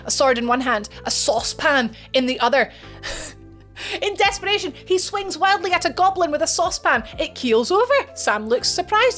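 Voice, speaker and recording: A woman streamer retelling a fantasy story with animated, chatty narration, slangy asides and self-corrections. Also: high voice. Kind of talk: casual dramatic retelling of a story.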